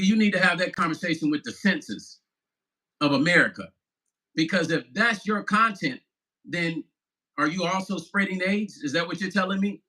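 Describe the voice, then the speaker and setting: Man in his fifties, livestream vlogger, bright tone, slightly high voice, loose and laughing, profane. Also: rough recording. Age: 50s. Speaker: musician vlogger. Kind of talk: casual livestream chat.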